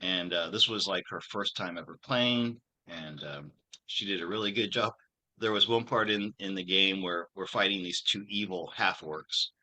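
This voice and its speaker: A man hosting his tarot channel, chatting casually on a video call and rambling through a story with many pauses and restarts. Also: low voice, pushed and bright. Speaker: channel host and tarot reader.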